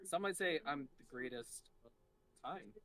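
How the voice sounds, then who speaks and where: A man's voice: fairly high pitch, lively intonation, a little slow, fairly bright tone, dry recording. A man answering post-match interview questions as an esports player, hesitant and often restarting his sentences. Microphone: desk mic.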